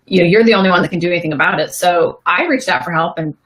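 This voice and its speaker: A woman's voice: fairly low pitch, racing, slight background noise, low-quality recording. A woman coaching other women, chatting in an interview and acting out the voices in her story. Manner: animated storytelling, acts out quotes. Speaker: guest, business coach. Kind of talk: casual interview chat.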